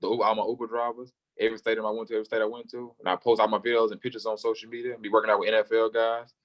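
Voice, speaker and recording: Fast-talking young man telling a story. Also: little pitch movement. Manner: acts out quoted voices, jumping high for other people. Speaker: football player guest. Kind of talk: animated storytelling in an interview.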